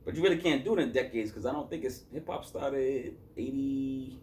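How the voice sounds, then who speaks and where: A man's voice: medium pitch, moderate pace, a little mellow, slight background noise. A man from Boston reviewing a hip-hop album in loose, rambling casual chat, tired after a work shift and full of fillers and self-corrections.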